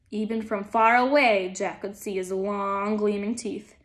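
A woman teacher reading a children's storybook aloud in a gentle, calm manner as she guides young listeners. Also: medium pitch, slow pace.

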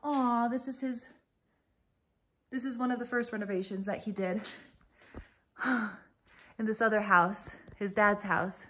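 A woman vlogging as she walks through her renovated farmhouse, talking fast and excitedly in a casual, chatty way. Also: mid-range voice, slight background noise. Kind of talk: casual walk-through vlog.

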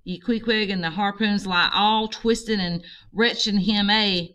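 Woman reading a vengeful old sea captain, booming, bright crisp tone, slow delivery; audiobook. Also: fairly even intonation, dull audio. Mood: fierce. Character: obsessed old male sea captain, fierce.

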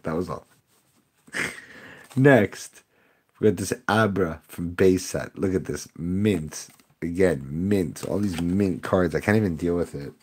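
A man's voice: on the low side, darkish tone. A young man live-streaming card pack openings, chatting with viewers, sarcastic and laughing often. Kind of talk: casual live-stream chat.

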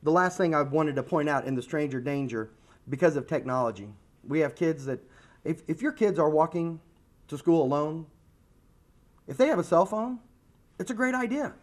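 A man in his forties with an American accent, giving a lively community safety talk to parents and acting out what kids say. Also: a little high, moderate pace, pauses often. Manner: animated, acts out kids' lines. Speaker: school safety presenter. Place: school meeting room.

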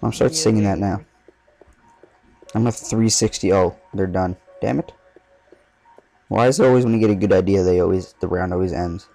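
A man's voice: sits low, normal speed, gravelly, pauses often, mellow, soft background music. A man giving casual, joking gameplay commentary with trash talk. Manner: joking, trash-talking, reactive.

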